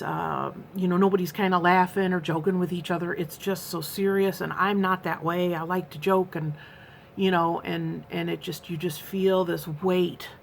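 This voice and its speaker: Slight background noise accompanies this American vlogger in her fifties, whose lowish voice is creaky. She speaks earnestly and candidly, rambling with lots of fillers and restarts.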